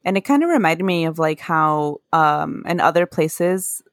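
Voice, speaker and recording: Woman, lower voice, casual podcast chat, earnest storytelling, dry close sound. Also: expressive, measured pace, dry recording. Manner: earnest, laughs at own mispronunciations. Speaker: podcast co-host. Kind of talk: casual chat, telling folklore history.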